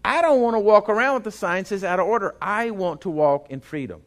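Male pastor, preaching with jokes and asides, very lively pitch. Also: a little fast. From Texas. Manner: folksy, joking storytelling with asides to the congregation. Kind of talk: sermon.

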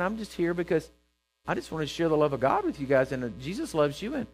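A man preaching a sermon, telling a story and acting out its characters with bursts of loud emphasis. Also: a little high, big pitch swings, fast, slight background noise, low-quality recording.

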